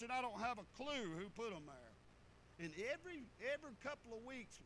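A man's voice: extremely high pitch, very animated, moderate pace, fairly bright tone, slight background noise, low-quality recording. A middle-aged man, a pastor preaching a sermon in a folksy storytelling way with rural turns of phrase.

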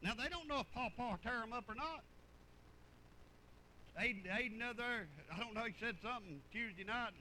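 High, bright-voiced preacher man. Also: moderate pace, pauses often, slight background noise, low-quality recording. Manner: folksy, rambling preaching with repeated words. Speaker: pastor. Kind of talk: sermon.

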